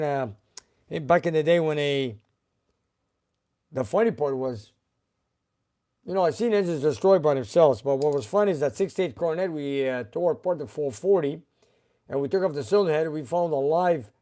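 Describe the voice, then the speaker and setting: A middle-aged man who owns a garage, hosting a live stream in a relaxed, halting way with many fillers as he reads out viewer comments. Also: fairly high pitch.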